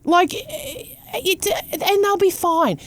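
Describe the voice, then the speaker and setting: An Australian-accented woman hosts a casual podcast chat, talking bluntly, swearing and mimicking people as she tells stories. Her very high, slightly bright voice is expressive, and she speaks extremely slowly.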